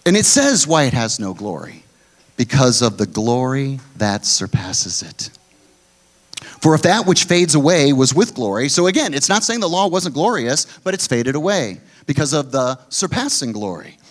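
A middle-aged man preaching a sermon as pastor, pushing phrases up loud and dropping others low and quiet. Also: sing-song, a little slow. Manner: emphatic preaching, swinging between loud high pushes and low quiet drops.

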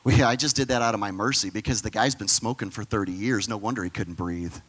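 Man as weary grumbler, sarcastic, low and muted, lightly acted. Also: fast talker, fairly bright tone, breathy edge. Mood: grumbling.

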